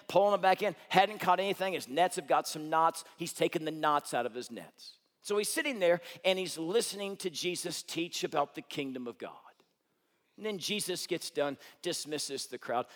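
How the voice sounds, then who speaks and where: A middle-aged man preaching a sermon as a pastor, telling the story with humor and swinging between loud, animated stretches and hushed ones. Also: high voice, brisk, big-room sound.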